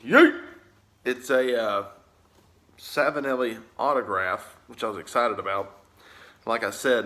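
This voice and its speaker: Easygoing and rambling, this Southern US man fills his casual chat with lots of filler words. He's a pipe-smoking vlogger whose voice sits on the low side with a fairly bright tone.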